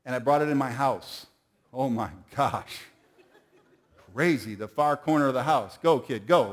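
A man's voice: mid-range voice, moderate pace. A middle-aged man preaching a sermon, telling folksy stories and calling on the audience to answer. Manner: folksy storytelling, calls on the audience.

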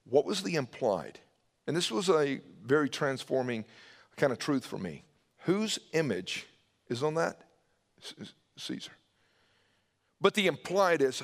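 A man preaching a sermon, swinging his pitch and loudness and dropping to a hushed voice when he quotes. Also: very animated, a little slow, pauses often. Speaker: pastor.

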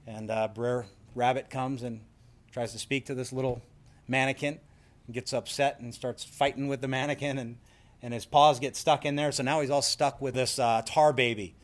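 A man's voice: mid-range voice, steady tone, moderate pace. A man preaching a sermon in an earnest, emphatic way, explaining scripture and telling stories. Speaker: pastor.

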